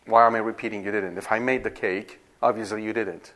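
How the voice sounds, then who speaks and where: A man's voice: fairly low pitch, fairly even intonation, fairly quick, a bit bright. A man teaching a class on scripture, explaining patiently and often asking "right?" to check the listeners are following. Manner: explanatory, repeats himself with frequent "right?" checks and restarts. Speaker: Bible teacher. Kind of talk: classroom lecture.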